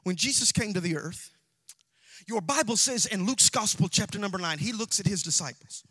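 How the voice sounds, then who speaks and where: A male pastor preaching a sermon in a church, swinging from loud shouted passages to quiet, low asides. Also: expressive, normal speed, slightly rough. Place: church sanctuary.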